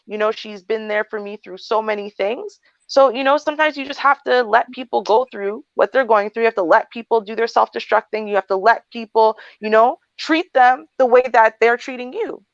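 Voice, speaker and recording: A woman's voice: fairly high pitch, fairly quick, hardly any pauses, no room sound. A woman in her thirties hosting a livestream, telling a personal story in a blunt, candid, talkative way. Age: 30s. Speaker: livestream advice host. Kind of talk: casual storytelling chat. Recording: dry, dull lo-fi sound.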